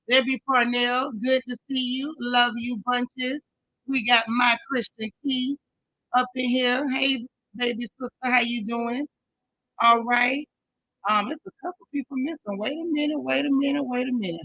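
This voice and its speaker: A woman's voice: a little high, bright, forceful tone, rough recording. A woman hosting a casual live stream, chatting with viewers and greeting each one by name in folksy slang.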